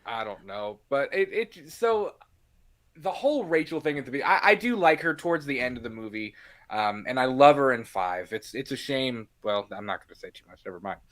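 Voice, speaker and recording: A man's voice: mid-range voice, sing-song, a little fast, a bit bright. A man co-hosting a casual movie podcast, talking animatedly and acting out lines from the film in little voices. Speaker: podcast co-host.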